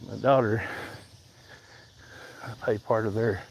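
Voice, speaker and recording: A man's voice: fairly low pitch, steady tone, creaky, a little hiss or hum, low-quality recording. A man chatting casually to viewers while doing farm chores outdoors, a bit out of breath from hauling, filmed on a handheld phone. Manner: slow rural drawl, chatty asides to viewers. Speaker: farmer filming his chores. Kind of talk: casual vlog while working. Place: outdoors in a pasture.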